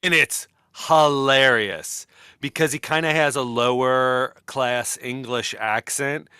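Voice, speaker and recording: A man co-hosting a podcast in casual chat, animated and quick to slip into comic voices. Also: mid-range voice, smooth, dry recording, clean studio sound. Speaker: podcast co-host.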